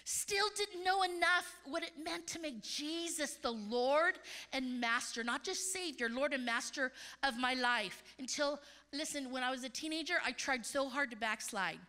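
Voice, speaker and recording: A woman in her fifties preaching in a large church, swinging between loud exclamations and hushed asides. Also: high-pitched, animated, moderate pace. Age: 50s. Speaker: conference speaker. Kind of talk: sermon.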